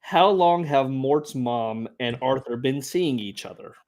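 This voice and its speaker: A man co-hosting a laid-back streamed trivia show. He mulls over answers out loud, trailing into strings of ums and uhs. His voice sits in an ordinary middle pitch. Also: unhurried. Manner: thinks aloud with many fillers. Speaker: trivia contestant and co-host. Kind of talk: casual live-stream chat.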